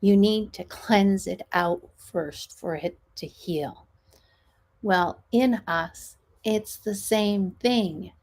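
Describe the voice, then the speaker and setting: Slow-talking calm woman coach. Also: medium pitch. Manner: calm, explanatory, ends points with "right?". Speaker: podcast host, stress management coach. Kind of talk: coaching talk.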